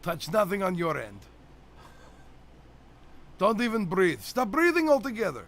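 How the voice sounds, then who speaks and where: A man's voice: sits high, wildly swooping pitch, a little slow, a bit bright, slight background noise, heavily acted. A man playing a boastful, teasing 212-year-old theme-park host who runs a comedic game show. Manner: brash, teasing, theatrical.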